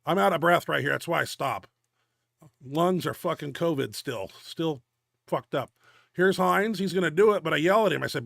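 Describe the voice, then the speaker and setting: A man's voice: fairly high pitch, lively intonation, normal speed, gravelly, fairly bright tone, no echo, clean studio sound. A middle-aged man hosting a powerlifting video show, commenting bluntly and profanely on lifts while he is winded and out of breath. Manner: blunt, profane gym talk. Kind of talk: casual commentary over lifting videos.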